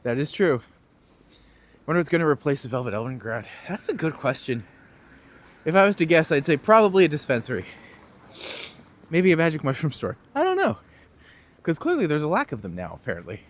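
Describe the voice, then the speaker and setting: Out in the cold on city streets, a young tour guide livestreams his walk, his slightly high voice very animated and brisk, with frequent pauses. He keeps things casual, picking up chat questions and joking as he answers them.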